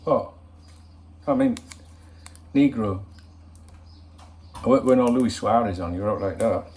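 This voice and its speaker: A man's voice: fairly low pitch, slow, darkish tone, a little hiss or hum. A man hosting a casual football vlog at home, chatty, joking and swearing freely as he rambles to viewers. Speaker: football channel host.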